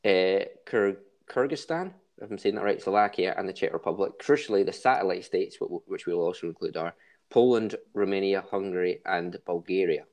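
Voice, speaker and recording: A man's voice: sits low, a little fast, a little mellow. A man hosting a podcast in jokey, rambling casual chat. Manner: jokey, rambling, with false starts. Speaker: podcast host.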